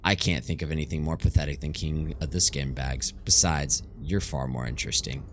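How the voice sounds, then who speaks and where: A man's voice: very deep voice, steady tone, fairly quick, a bit bright, a little hiss or hum. A man voicing a sneering, murderous male robot assassin in a fan read-through, speaking with mocking contempt. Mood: contemptuous.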